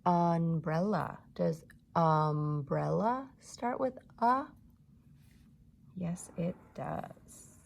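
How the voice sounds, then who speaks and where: Slow, gravelly-voiced woman teacher. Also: lowish voice, expressive, distant mic. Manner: gentle, cheerful, talking slowly to little kids. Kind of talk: virtual class morning meeting for young children. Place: indoors.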